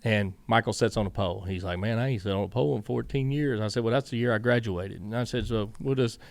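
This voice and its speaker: A man's voice: lowish voice, fast talker, vocal fry, no room sound. A man, a guest in a casual interview, telling stories and acting out what other people said. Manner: animated, acts out other people's lines.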